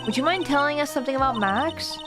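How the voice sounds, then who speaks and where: A woman's voice: high voice, quick pace, voice pushed up, close to an everyday voice. A woman reading the lines of an earnest young male defense attorney in a level, questioning way. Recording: game music behind.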